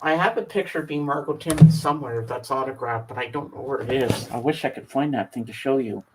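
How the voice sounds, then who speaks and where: A man's voice: mid-range voice, fast talker, heavy background noise. A man on a video call with a headset, chatting casually and acting out the people in his stories. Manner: animated storyteller who acts out quoted speech.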